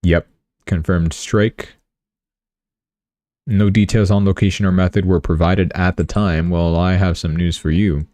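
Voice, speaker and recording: Male livestream host, deep and mellow, casual rambling commentary. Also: fairly even intonation, a little slow, no echo. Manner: chatty, rambling, joking asides.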